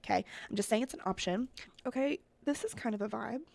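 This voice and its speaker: Talking fast in a fairly high, creaky, slightly mellow voice, this woman makes Sims content, musing aloud as she creates characters in a life-sim game and frequently addressing her audience directly. There's no echo.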